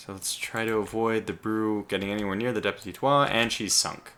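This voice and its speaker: A man's voice: on the low side, moderate pace, a bit bright. A man doing gameplay commentary, thinking aloud with stumbling restarts and sudden exclamations, keyboard clicks behind him. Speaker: let's play host.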